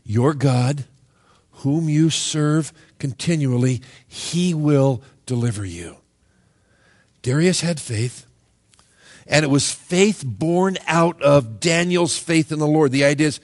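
A middle-aged man preaching a sermon, animated and joking, now and then acting out the voices of Bible figures. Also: on the high side, slow. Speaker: pastor.

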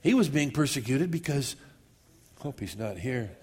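A man preaching a sermon, slowing down for scripture and rushing through quick asides. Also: medium pitch, very animated, a little mellow, slightly rough. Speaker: pastor.

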